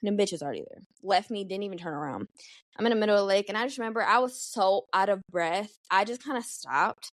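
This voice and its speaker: A young woman hosting a casual solo podcast, animated and slangy, swearing freely as she talks. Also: medium pitch, fast talker, dry recording, studio quality. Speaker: podcast host.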